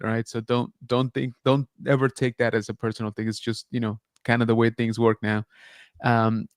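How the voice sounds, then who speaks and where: A man's voice: mid-range voice, clear, resonant tone, dry recording, clean studio sound. A man hosting a casual livestream chat show, talking loosely with lots of fillers and reading viewer comments aloud. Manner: chatty, many fillers, reads chat aloud. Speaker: podcast host.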